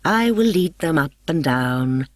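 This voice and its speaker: A woman voicing a mischievous male goblin servant in an audiobook, with an impish, chuckling delivery pitched above her own voice. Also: animated, a little slow, dry recording. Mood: gleeful.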